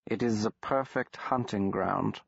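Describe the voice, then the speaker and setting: A man's voice: fairly low pitch, unhurried, gravelly, breathy edge, no echo, full character voice. A man voicing Von Hellrung, an elderly formal monster-hunter. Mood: grave. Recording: dull, dry studio recording.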